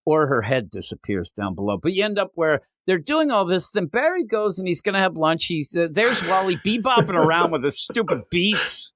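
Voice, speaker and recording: A man with a lively voice that swings up and down, recapping a comic book in casual podcast talk. He is sarcastic and profane and keeps acting out the characters' lines. The sound is dry and close. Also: high-pitched, moderate pace, hardly any pauses, no echo. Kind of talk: casual comic review chat.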